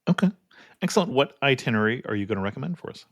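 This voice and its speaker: A man's voice: medium pitch, expressive, very fast, dry recording, lo-fi sound. Upbeat man hosting a travel podcast. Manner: upbeat, self-mocking about pronunciation. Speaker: podcast host. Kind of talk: podcast interview and ad reads. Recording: dry close sound.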